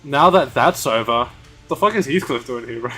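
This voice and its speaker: A man streaming a game and reading its dialogue aloud, talking loudly and excitably and swearing freely. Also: mid-range voice, moderate pace, slightly rough, faint music behind, low-quality recording.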